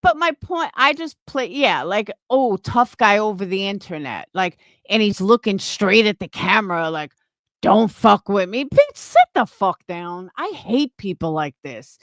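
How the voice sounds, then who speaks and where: A young woman vents on her stream in an angry, scornful, profane rant. Her pitch swings widely from high outbursts to low mutters. The recording is dry and close. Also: very animated, measured pace, hardly any pauses, a bit bright, dry recording. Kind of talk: livestream reaction rant.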